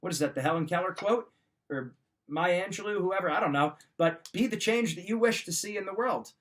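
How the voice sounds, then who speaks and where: A man's voice: sits high, brisk, a bit bright. A middle-aged man coaching listeners in an emphatic, direct motivational talk. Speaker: wrestling mindset coach.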